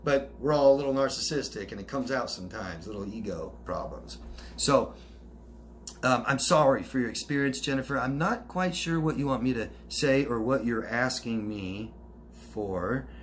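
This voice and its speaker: A man's voice: mid-range voice, normal speed, a little hiss or hum. A man coaching viewers, reading out their comments and answering them in a chatty, reassuring way. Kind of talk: casual solo Q&A, reading out comments.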